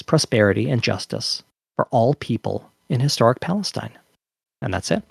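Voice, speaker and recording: A man's voice: mid-range voice, animated, moderate pace, gravelly, slightly rough, no echo. A man hosts a casual podcast in an earnest voice that rises and falls a lot. His sound is dry and close, with no room around it. He often restarts his sentences as he talks. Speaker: podcast host.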